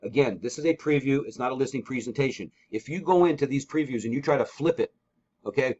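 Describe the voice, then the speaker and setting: A man coaching agents on a group training call, talking fast and driving his points home with emphatic repetition. His voice sits at an ordinary pitch. The call audio is dull and lo-fi. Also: a little mellow. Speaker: real estate trainer. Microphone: call recording.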